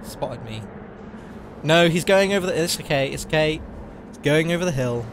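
A man's voice: on the high side, expressive, moderate pace, noisy background. A young man talking casually and swearing while playing a game, joking and rambling. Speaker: let's play host. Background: game music.

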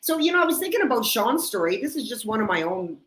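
A woman's voice: on the high side, very animated, fast, fairly bright tone, low-quality recording. A woman hosting a casual chat, telling stories and laughing often. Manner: laughs often, upbeat storyteller. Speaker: podcast host.

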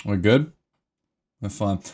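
A man streaming a game live from home, talking straight to his viewers. He is excitable and emotional, swears a lot and laughs easily, and his voice swings widely in pitch. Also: takes it slowly, heavy background noise. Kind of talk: live gaming stream chat.

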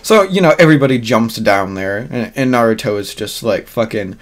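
A man casually telling a fan-made what-if story, rambling along with plenty of fillers and cursing. His voice sits at an ordinary middle pitch. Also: expressive, a little fast. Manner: rambling, filler-heavy, swears freely.

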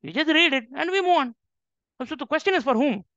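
A man's voice: very high voice, animated, fairly quick, sharp tone, dry recording. A man teaching on the Quran, emphatic and full of rhetorical questions to his audience. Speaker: Islamic teacher. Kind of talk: lecture on the Quran. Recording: dull lo-fi dry recording.

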